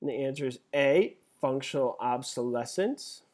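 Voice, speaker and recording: A middle-aged man teaching a live webinar as an exam instructor, chatty and joking, reading multiple-choice questions out slowly. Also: mid-range voice, a little mellow. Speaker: real estate exam instructor.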